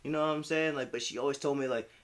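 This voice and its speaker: A man's voice: mid-range voice, fairly even intonation, fast talker. A young man in casual chat as a streamer, rambling, heartfelt and profane. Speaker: hip-hop commentary streamer.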